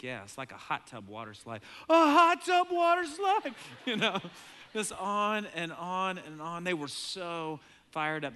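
Animated, bright-voiced pastor telling a story. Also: male voice. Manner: animated storyteller who mimics his excited kids in a high voice; chuckles often, conversational. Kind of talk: sermon with storytelling.

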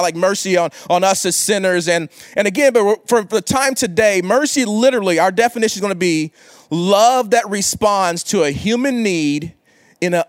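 A man's voice: sits high, no room sound. A man preaching a livestreamed sermon to online viewers, casual and slangy, asking them to respond. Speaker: pastor.

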